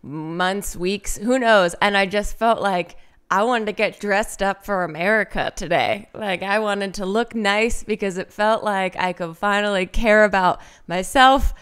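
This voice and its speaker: Smooth-voiced woman chatting casually. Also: mid-range voice, unhurried, fairly bright tone. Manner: laughs often, self-deprecating. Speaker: podcast guest. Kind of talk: casual podcast chat.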